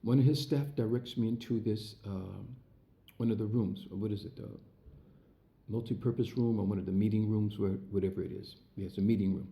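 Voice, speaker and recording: Animated man with a very dark voice. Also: on the low side, fairly quick, vocal fry. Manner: animated storyteller, acts out quoted voices; frequent fillers and restarts. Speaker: entertainer recounting his past. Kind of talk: casual spoken anecdote.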